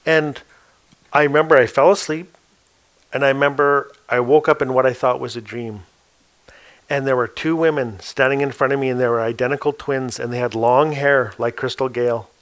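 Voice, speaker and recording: A man telling a story aloud on a panel before a live audience. His voice sits in an ordinary middle range and grows animated as he slips into the people he describes. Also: medium pitch, moderate pace.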